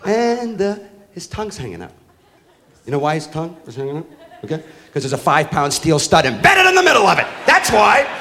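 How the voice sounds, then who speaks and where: A middle-aged man doing a profane stand-up comedy routine on stage, ranting loudly and acting out the people in his stories. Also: on the high side, wildly swooping pitch, a little fast, slight background noise. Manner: loud, ranting, profane, acts out characters. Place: comedy stage before a live audience. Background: crowd laughing.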